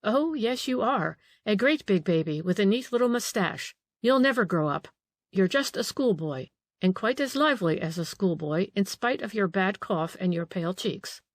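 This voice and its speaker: A woman reading the part of a proud, sharp, motherly Italian marchesa who scolds a young man. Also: medium pitch, lively intonation, normal speed, no echo, close to an everyday voice. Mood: scolding.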